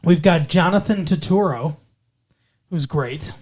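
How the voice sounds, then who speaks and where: A man's voice: a little high, unhurried, a little mellow, breathy edge. A man co-hosting a casual movie podcast, rambling and digressive, often correcting himself mid-sentence. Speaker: podcast co-host.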